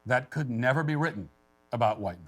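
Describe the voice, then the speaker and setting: A man giving sarcastic, deliberate political commentary, reading an article aloud. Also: medium pitch, animated. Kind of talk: scripted commentary.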